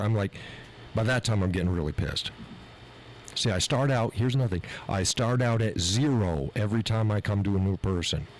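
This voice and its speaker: A low-quality recording with slight hiss or hum captures an American man, his voice on the low side, hosting a live show. Through a mixer board mic, he tells an animated, exasperated story, swearing freely as his frustration climbs.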